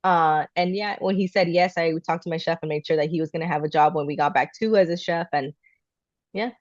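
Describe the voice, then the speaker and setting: Telling a personal story on the podcast she co-hosts, a woman in her thirties brings her family's lines to life with animated impressions. Her voice sits lowish and moves briskly, and the sound is dry and lo-fi.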